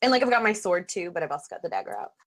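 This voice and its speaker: A woman's voice: medium pitch, animated, racing, gravelly, low-quality recording. Chatty, upbeat woman playing a tabletop game. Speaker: player.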